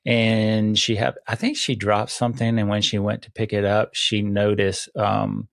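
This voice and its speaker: A man co-hosting a casual chat podcast, recounting scenes haltingly with many pauses and restarts. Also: on the low side, flat delivery, gravelly, dry recording. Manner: halting, with many fillers and restarts, then quoting characters. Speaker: podcast co-host.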